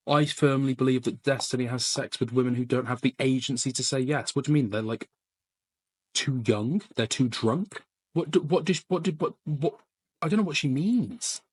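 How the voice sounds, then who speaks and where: A man's voice: medium pitch, no echo. Sarcastic swearing man reacting live. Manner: sarcastic, swears a lot, mocking asides. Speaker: streamer reacting to a debate. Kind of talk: casual reaction commentary.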